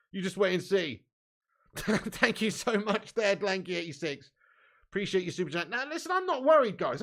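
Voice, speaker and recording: A man's voice: high voice, a bit bright. A man hosting a live match watch-along, reading out viewer chat with blunt, sweary football banter and lots of "mate" and "bud". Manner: chatty, often adds "mate" and "bud". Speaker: fan channel host reading live chat.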